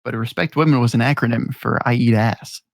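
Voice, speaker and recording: A man's voice: mid-range voice, a little fast, vocal fry, no echo. A young man co-hosting a podcast, telling crude stories in a rambling, laughing way. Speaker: podcast co-host. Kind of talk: casual chat.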